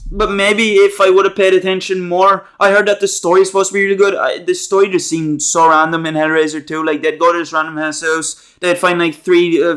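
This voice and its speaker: A young man rants casually about horror films. His voice sits high, and he rambles sarcastically, full of slang and restarts. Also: fairly bright tone. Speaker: movie reviewer. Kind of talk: casual rambling movie rant.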